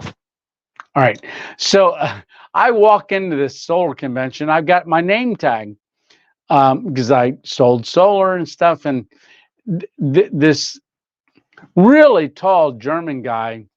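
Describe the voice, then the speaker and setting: A man's voice: fairly high pitch, big pitch swings, slow, long pauses, dry recording, lo-fi sound. An older man hosting a casual livestream, rambling through stories, reading chat aloud and laughing often. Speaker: livestream host.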